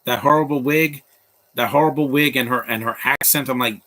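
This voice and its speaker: A man's voice: medium pitch, steady tone, a little fast, pushed and bright. A man hosting a live movie commentary stream, blunt and opinionated, rambling with restarts.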